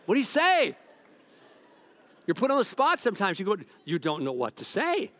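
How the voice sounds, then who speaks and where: Lively, joking middle-aged male pastor. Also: high-pitched, moderate pace. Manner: animated, joking storyteller. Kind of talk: sermon.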